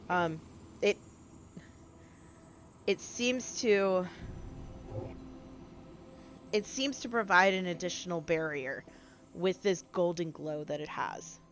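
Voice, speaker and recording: A woman's voice: lowish voice, a bit bright, slight background noise. A woman narrating as game master in a tabletop game, hesitant and laughing often.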